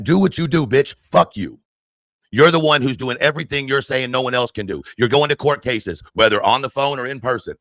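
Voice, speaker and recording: A man's voice: mid-range voice, a bit bright, no echo, clean studio sound. An angry man ranting on his livestream, heated, profane and confrontational.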